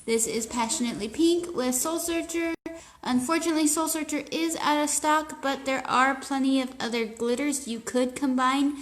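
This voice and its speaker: A nail polish seller hosts a casual live nail tutorial from a room at home, recorded on a phone camera with rough sound. Her voice sits high with fairly even intonation at a moderate pace, and she's chatty and easily distracted, talking to kids and pets.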